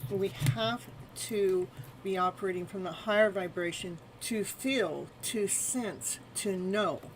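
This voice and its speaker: A woman reads tarot on a live stream, her voice sitting at an ordinary mid pitch. She talks in soothing, repetitive spiritual phrases and laughs as she chats with viewers. A steady hiss of background noise runs under her voice. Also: slow pace.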